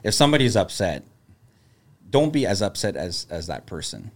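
A man, a business owner, talking in a casual podcast chat and telling stories in a calm, level-headed way. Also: lowish voice, moderate pace.

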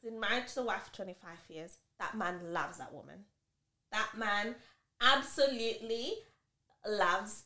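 A woman co-hosting a podcast, chatting casually and telling stories with many asides. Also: medium pitch. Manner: animated, expressive storyteller with many asides. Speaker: podcast co-host. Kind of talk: casual chat, storytelling. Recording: echoey room.

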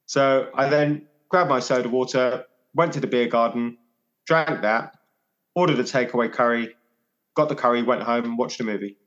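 A man in his forties telling a personal story as a podcast guest, reflective and halting, often repeating his phrases. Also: medium pitch, fairly bright tone, muffled recording. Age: 40s.

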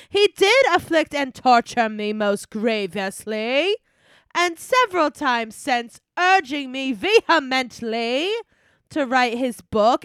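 A woman putting on the voice of a pompous, theatrical older woman, reading slowly and dramatically. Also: fairly high pitch, fairly bright tone, smooth, no echo. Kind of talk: mock-dramatic reading of an old deposition.

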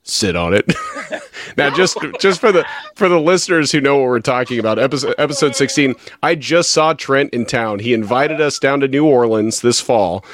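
A man's voice: medium pitch, lively intonation, moderate pace. A man co-hosting a podcast, bantering playfully and jumping in with questions. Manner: playful, swears freely, jumps in with questions. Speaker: podcast co-host.

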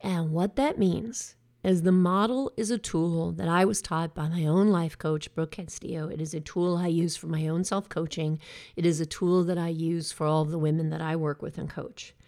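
A woman's voice: on the low side, fairly even intonation, moderate pace, dark tone. A middle-aged woman life coach giving a direct, emphatic motivational talk that mixes in casual swearing. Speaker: breast cancer survivor and life coach. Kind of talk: motivational monologue.

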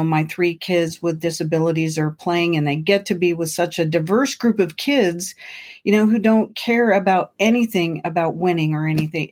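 A woman with a somewhat low voice co-hosts a casual podcast chat. She tells her stories with bright enthusiasm and animated energy, laughing easily. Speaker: podcast co-host.

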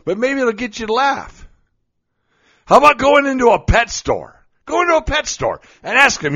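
A man's voice: a little high, big pitch swings, moderate pace, sharp tone. A middle-aged man talking casually and playfully, joking and laughing often as he gives advice on being goofy. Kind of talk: casual monologue. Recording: dull lo-fi recording.

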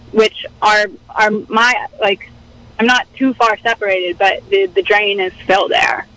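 Hesitant woman guest, bright voice. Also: mid-range voice, rough recording. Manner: hesitant, many "like" fillers. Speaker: podcast guest. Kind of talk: reflective conversation.

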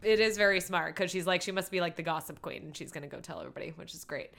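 A woman's voice: on the low side, very fast, vocal fry, fairly bright tone. A woman co-hosting a podcast, recapping an episode in casual chat and laughing often. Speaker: podcast co-host.

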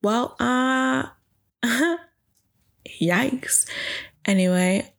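A woman's voice: a little high, extremely slow, vocal fry. A young woman hosting her own podcast, rambling tipsily with a self-mocking, profane manner. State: drunk. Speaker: podcast host. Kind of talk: casual solo podcast chat. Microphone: podcast microphone.

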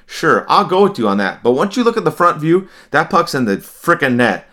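A man's voice: on the high side, sing-song, fairly quick, hardly any pauses, a bit bright. A man co-hosting a sports podcast, ranting with emphatic, profane outbursts. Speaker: podcast co-host. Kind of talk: heated sports talk.

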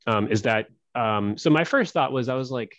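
A man in casual podcast chat, explaining things calmly. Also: medium pitch, normal speed, no room sound. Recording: dull, dry sound.

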